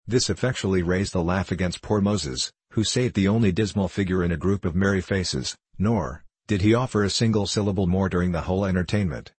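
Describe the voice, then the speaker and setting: Male narrator for a classic novel, low husky voice, dry close recording. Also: no room sound. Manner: measured, even storytelling.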